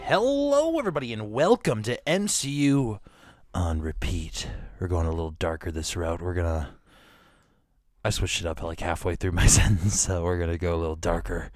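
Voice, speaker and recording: A man's voice: sits low, animated, a little fast. A man hosting a podcast in casual chat, chatty and blunt, breaking into profane rants. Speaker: podcast host.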